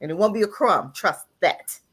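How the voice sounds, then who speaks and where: Calling a live talk show, a woman rants with heat and emphasis, repeating lines throughout. She speaks at a moderate pace in a fairly bright voice with a breathy edge and lively intonation, at times breaking into laughter and rising to an almost tearful pitch.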